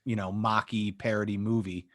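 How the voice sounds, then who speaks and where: A man with a fairly low, level, fairly bright voice talks at a normal speed as a podcast co-host. He chats casually about a movie, rambling and often hedging with "like" and "um."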